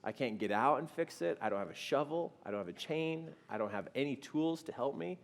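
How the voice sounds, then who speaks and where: A middle-aged man telling a funny personal story to an audience, animated and self-mocking. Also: medium pitch, brisk, creaky, in a large hall.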